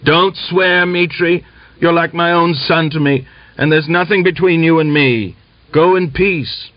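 A man's voice: fairly high pitch, unhurried, no echo, pitched above the performer's own voice, close to an everyday voice. A man playing a stern, lame old Cossack father who speaks firmly and resolutely, with angry outbursts. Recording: dull lo-fi dry recording.

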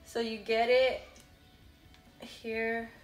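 A young woman vlogger, a bit sick, gushing excitedly to viewers as she unboxes a gift at home on her camera mic. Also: on the high side, drawn-out words. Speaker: beauty vlogger. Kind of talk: unboxing first impressions. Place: room at home with a window. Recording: echoey room, faint background music.

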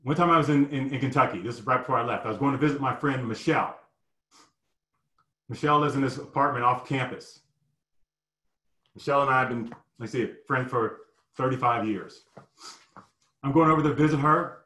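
Man, 50s, animated storyteller, acts out characters, echoey room. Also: mid-range voice, brisk, pauses often. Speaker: guest storyteller. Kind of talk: personal storytelling. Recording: roomy echo.

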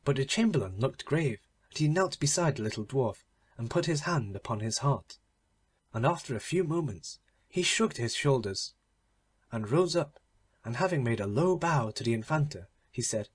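A man reading a classic story aloud as an audiobook narrator, with expressive, dramatic delivery. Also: mid-range voice, moderate pace, husky.

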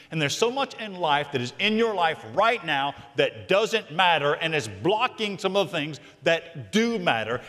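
A man preaching a sermon as senior pastor, emphatic, swinging from loud to hushed. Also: on the high side, big-room sound. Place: large church sanctuary.

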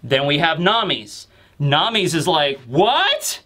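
High, bright-voiced emphatic man. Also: moderate pace. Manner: emphatic, insistent, joking. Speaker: manga review host. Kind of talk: casual commentary video.

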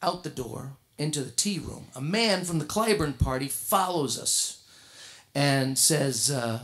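Middle-aged male musician, animated comic storyteller on stage, raised pitch, gravelly edge. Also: moderate pace. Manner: animated, comic storyteller with frequent laughs and restarts. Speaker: jazz guitarist and singer telling a story on stage. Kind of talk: anecdotal storytelling at a tribute concert. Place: concert stage before an audience.

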